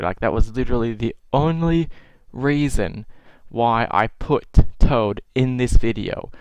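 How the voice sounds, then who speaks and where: A man's voice: medium pitch, unhurried, hardly any pauses, smooth, no echo, poor audio. A young man casually commenting on his own old videos, self-mocking and swearing freely, with exasperated outbursts.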